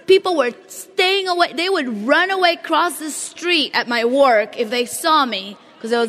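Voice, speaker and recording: A high-pitched woman delivers an excited motivational speech from a stage. She talks straight to the crowd and keeps asking them questions. Her voice rings out with a long reverb through a large hall. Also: normal speed, hardly any pauses. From Latin America. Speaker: motivational speaker at a company event.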